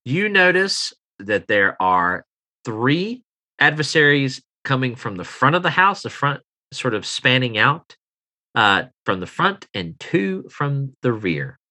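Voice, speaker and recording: A man running a tabletop game as game master, narrating scenes with chuckles and halting descriptions. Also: mid-range voice, sing-song, pushed and bright.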